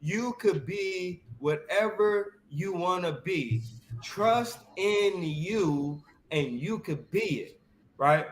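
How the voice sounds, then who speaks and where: Brief: high-pitched male Bible talk host, slangy and lively, echoey room with faint hiss. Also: slow pace. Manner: slangy and animated, keeps asking "right?". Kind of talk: casual religious discussion.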